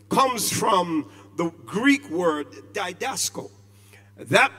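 A man preaching a sermon in a church, hitting single words hard and stretching phrases, and calling on the congregation to answer. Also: high-pitched. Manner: preaching with sudden loud stressed words and drawn-out phrases; calls on the congregation to respond. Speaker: pastor. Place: church sanctuary. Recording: reverberant church hall.

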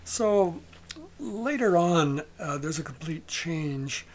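A man giving a music lecture, speaking haltingly with many fillers and soft asides. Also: fairly high pitch, animated, a little hiss or hum. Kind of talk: lecture on a recording.

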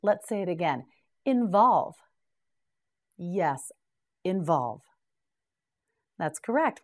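A woman's voice: fairly low pitch, darkish tone. A middle-aged woman teaching English vocabulary, saying each word several times and praising the learner. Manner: patient, encouraging, repeats each word slowly. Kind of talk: slow scripted pronunciation drill.

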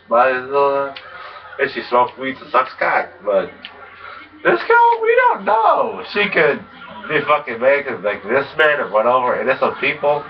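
A man giving casual game commentary, rambling and crude, laughing and jumping into high excited yelps. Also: recorded from a distance, muffled recording, slight background noise. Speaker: gameplay commentator.

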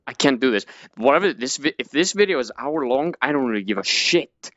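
A man's voice: mid-range voice, lively intonation, brisk, fairly bright tone, dry recording. Jumpy swearing male gamer, lo-fi. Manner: jumpy, swears a lot, talks to himself while panicking. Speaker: gamer playing a VR horror game. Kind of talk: let's play commentary. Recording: dull lo-fi dry recording.

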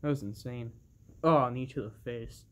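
A commentator calling a toy wrestling match with excitable bursts of oohs and laughter. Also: mid-range voice, normal speed. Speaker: play-by-play commentator.

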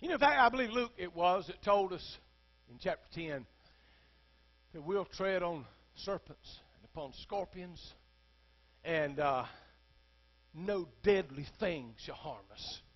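Man preaching, high voice, passionate and dynamic delivery, muffled lo-fi recording with a low hum. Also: lively intonation, unhurried. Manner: impassioned preaching, swings from hushed to shouting. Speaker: pastor. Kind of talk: sermon.

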